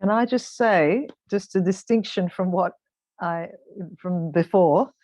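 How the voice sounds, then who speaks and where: A woman's voice: fairly low pitch, a little slow, a little mellow, no room sound. Weary woman on a call, reflective, hunts for words, dry sound. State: tired, yawning. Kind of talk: casual sharing in a group call.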